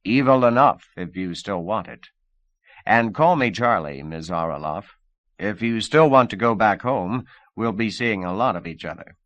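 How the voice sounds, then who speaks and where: A smooth, confident male agent talks in a brisk, persuasive way, as a man reads him. His voice is fairly low and dry, with no room around it. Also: lively intonation, fairly bright tone, dry recording. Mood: easy. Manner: brisk, assured, coaxing.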